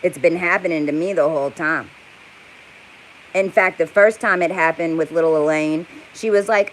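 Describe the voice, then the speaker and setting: A woman's voice: lowish voice, moderate pace, a bit bright, slight background noise, rough recording. A woman delivering an angry, profane, rambling rant to camera. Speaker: vlogger. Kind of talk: heated monologue to camera.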